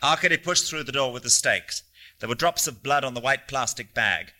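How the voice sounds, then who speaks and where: Bright-toned male audiobook narrator. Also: medium pitch. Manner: measured, descriptive reading. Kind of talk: scripted literary narration.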